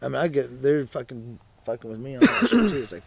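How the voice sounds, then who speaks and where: A man's voice: medium pitch, fast talker, hardly any pauses. A man in casual podcast chat, swearing and mimicking scam callers. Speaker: podcast guest.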